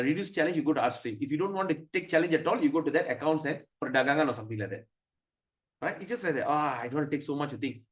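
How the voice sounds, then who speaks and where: Animated man teaching scripture. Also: on the high side. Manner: animated, rhetorical questions, searching for words. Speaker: spiritual teacher. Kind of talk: religious class lecture.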